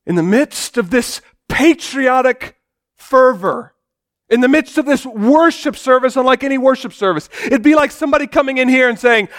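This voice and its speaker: Preaching a dramatic sermon in church, this male pastor shifts from booming proclamations to quiet, low-voiced stretches, all at a moderate pace.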